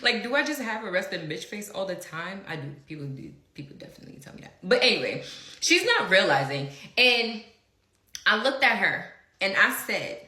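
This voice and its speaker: A woman's voice: mid-range voice, pushed and bright, reverberant. A young woman telling a story in a casual way, blunt and profane, laughing often and acting out what others said.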